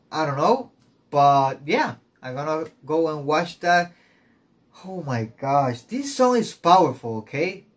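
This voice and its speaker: A man chatting to the camera as a music video reactor, gushing like an excited fan. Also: a little high. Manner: chatty, gushing fan talk full of "oh my gosh". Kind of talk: casual reaction chat.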